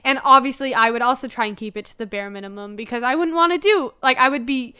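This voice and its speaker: A young woman co-hosting a casual chat, animated and full of "like" fillers. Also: sits high, quick pace, clean tone. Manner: animated, frequent "like", laughs often. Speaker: co-host.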